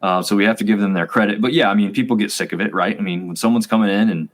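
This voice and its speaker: A man's voice: fairly low pitch, very fast. A man co-hosting a college sports review show, chatting casually and rambling with fillers. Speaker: co-host.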